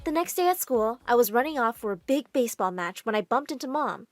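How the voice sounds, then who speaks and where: Woman narrator, high and animated, expressive storytelling read. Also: fast, faint music behind. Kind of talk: scripted first-person story narration.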